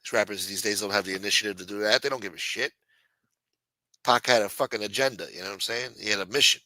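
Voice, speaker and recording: A man's voice: on the low side, fast, sharp tone, dry recording, poor audio. A man hosting a late-night talk show, ranting bluntly with lots of profanity. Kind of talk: casual talk-show rant.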